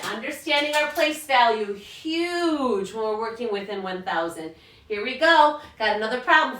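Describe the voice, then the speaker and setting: A woman teacher records a math lesson for children learning at home. Her voice is bright and slightly high, and she coaxes the kids along in an upbeat, encouraging way. She sounds a little distant from the mic, in an echoey room.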